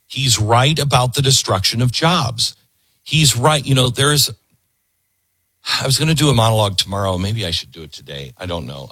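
Man, middle-aged talk host, lively swinging pitch, slightly husky, emphatic commentary. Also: no room sound. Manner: emphatic, repeats his points for force. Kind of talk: political commentary monologue.

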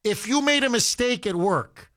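A man's voice: high-pitched, lively intonation, normal speed, a bit bright, no room sound. A man hosting a talk radio show, delivering an emphatic, combative monologue into a studio microphone and restarting phrases often.

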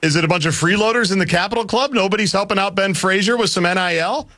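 Bright-voiced wry radio co-host. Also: male voice, high-pitched, fast. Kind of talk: sports radio banter.

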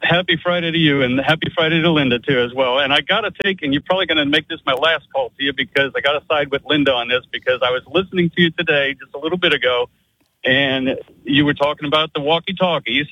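A man's voice: a little high, fast talker. A man from Pennsylvania calling in to a radio show, polite and a little hesitant. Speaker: caller. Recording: dull phone line.

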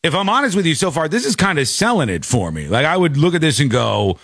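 A man's voice: mid-range voice, huge pitch swings, fast talker, few pauses, a bit bright, breathy edge, dry recording, studio quality. A man in his forties hosting a show, joking and incredulous in casual commentary. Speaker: host.

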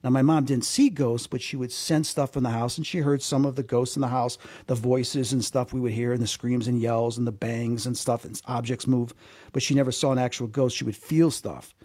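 A man telling a story in a casual conversation, animated, repeating words and acting out the voices of the people in it. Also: mid-range voice, a little fast, breathy edge, dry recording, clean studio sound. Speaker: guest.

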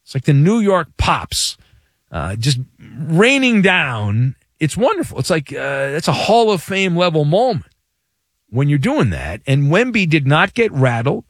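A man hosting a sports talk radio show, delivering a playful, hyperbolic monologue with dramatic pauses. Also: on the high side, very animated, dry recording, studio quality.

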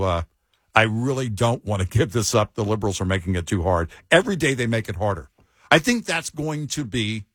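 Low-voiced wry radio co-host man. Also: a bit bright, no room sound. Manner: wry, dry humor. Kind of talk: casual chat.

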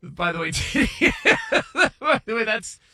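A man's voice: very high-pitched, wildly swooping pitch, slow pace, bright, forceful tone, husky. A man hosting a sports radio show, chatting casually and running down what is coming up next. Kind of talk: casual chat and show rundown.

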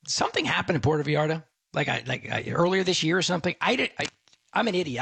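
A man's voice: fairly high pitch, animated, fast talker, vocal fry, a bit bright, breathy edge, dry recording. A man, hosting a radio show in a casual, rambling way, breaking off mid-sentence and talking up a giveaway with enthusiasm. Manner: rambling, self-interrupting, enthusiastic.

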